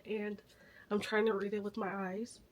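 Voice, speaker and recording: A woman vlogging casually about books, hoarse with a stuffy nose from illness, chatty and a little dramatic about it. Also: medium pitch, little pitch movement, normal speed. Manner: chatty, self-aware dramatic. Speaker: book vlogger. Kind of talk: casual vlog chat.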